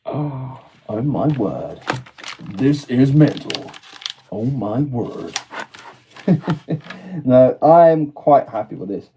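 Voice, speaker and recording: A man's voice: mid-range voice, lively intonation, drawn-out words, pauses often, noisy background. A British man chatting casually on a live stream, laughing often and answering his chat as he goes.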